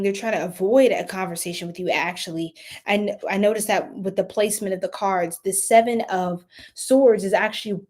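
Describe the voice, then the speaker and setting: A young woman giving a casual live tarot reading, chatty and giggly, talking to viewers in the chat. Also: mid-range voice. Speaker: tarot reader.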